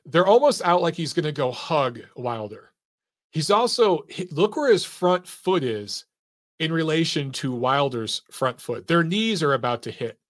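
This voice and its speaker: A man's voice: on the high side, expressive, a little slow. A man hosting a casual boxing analysis show, talking emphatically with repeated rhetorical questions while walking through a clip. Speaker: boxing commentator and show host.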